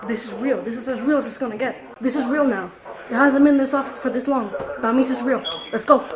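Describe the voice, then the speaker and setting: A woman with a fairly high-pitched voice, recorded on poor audio, vlogs casually from home during a storm. She sounds anxious and jittery, laughing nervously between frightened remarks.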